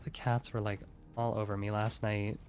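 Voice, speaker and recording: A man's voice: on the low side, flat delivery, normal speed, a little mellow, a little hiss or hum. A tired man chatting casually while streaming a game, yawning often and rambling with lots of "like". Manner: rambling, heavy use of "like". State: sleepy, yawning.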